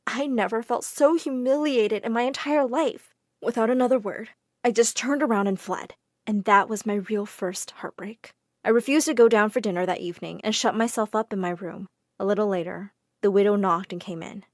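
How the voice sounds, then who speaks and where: Expressive woman telling a storytime. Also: a little high, moderate pace, no room sound, clean studio sound. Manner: expressive, dramatic first-person telling. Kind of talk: animated storytime narration.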